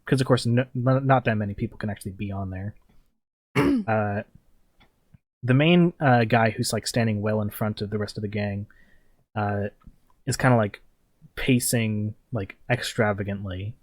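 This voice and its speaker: Rambling young game master, dry sound. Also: male voice, fairly low pitch, animated, moderate pace, pauses often, no room sound. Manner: loose and rambling, full of fillers. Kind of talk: narrating a tabletop game.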